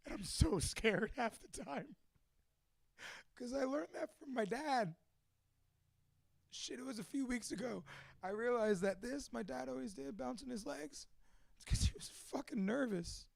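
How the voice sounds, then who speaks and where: A man's voice: extremely high pitch, measured pace, creaky, long pauses, no room sound. A man from a Cuban family, a father of two, telling his life story in a candid, profane, emotional monologue. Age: adult with two children.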